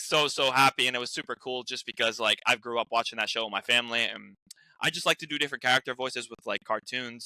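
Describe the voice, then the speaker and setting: Bright-voiced young man telling stories. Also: medium pitch, no room sound. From Rhode Island. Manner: rambling storyteller, many restarts and "like"s. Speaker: guest actor. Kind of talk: casual chat.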